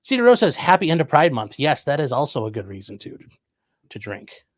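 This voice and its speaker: A man's voice: fairly high pitch, big pitch swings, brisk, dry recording. A man from Ohio hosting a livestream, casually reading viewer comments aloud and answering them with dry jokes. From Ohio, USA. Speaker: livestream host reading chat. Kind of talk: casual chat.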